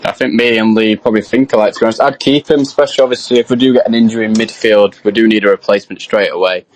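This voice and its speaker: A man on a fan podcast giving measured, level-headed opinions. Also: fairly low pitch, fairly even intonation. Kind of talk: casual fan podcast chat.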